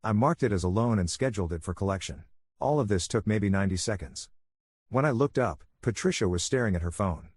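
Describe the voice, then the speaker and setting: A man tells a long story in a calm, steady voice, low-pitched and husky. The sound is dry and close, and the delivery stays measured. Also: no room sound. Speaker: narrator.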